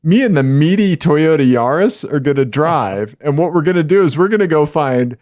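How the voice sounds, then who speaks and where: A man with a high-pitched voice co-hosting a podcast in a casual, chatty way, with frequent yeahs and okays. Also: moderate pace, dry recording. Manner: animated, chatty, frequent back-channel yeahs. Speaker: podcast co-host. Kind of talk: casual chat.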